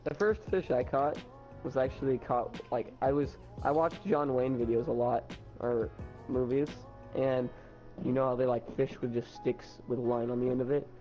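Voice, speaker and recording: A man's voice: medium pitch, fairly even intonation, moderate pace, dark tone, dull audio, faint music behind. A teenage boy as a podcast guest, chatting casually with teasing, jokey remarks. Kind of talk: casual chat.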